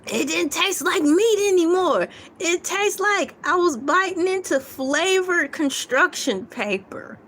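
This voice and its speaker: Giggly high-voiced woman livestreaming. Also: lively intonation, slow, fairly bright tone, a little hiss or hum. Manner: giggly and playful, laughing often between lines; chatty, reads viewer comments aloud. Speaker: livestream host. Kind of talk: casual livestream chat.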